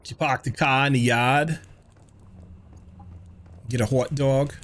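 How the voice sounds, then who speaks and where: A man's voice: medium pitch, slow. Laid-back man chatting on a game stream. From New York. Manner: relaxed, chatty, reads chat aloud, swears offhandedly. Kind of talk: casual live-stream chat while gaming.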